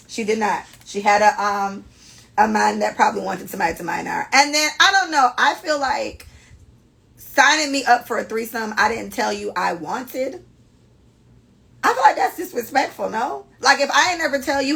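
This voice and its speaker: Woman host with a gravelly, fried edge, blunt and profane, casual podcast storytelling. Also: on the high side, normal speed. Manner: blunt and profane, animated commentary. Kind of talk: casual podcast chat, reading listener stories aloud.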